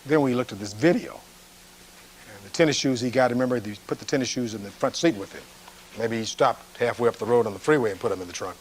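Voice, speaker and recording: A man delivers a closing argument to a jury in a courtroom, speaking at an ordinary middle pitch. He reads testimony aloud from a transcript, then turns on it with pointed rhetorical questions. A faint hum of noise sits under his voice. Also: fast, rough recording. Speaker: defense attorney.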